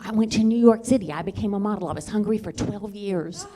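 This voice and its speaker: A woman's voice: mid-range voice, fast talker, very noisy. Middle-aged woman, stand-up comic, rambling and self-mocking, chatting with the room. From Southwest Louisiana. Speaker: stand-up comedian. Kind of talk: stand-up comedy set. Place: comedy club stage.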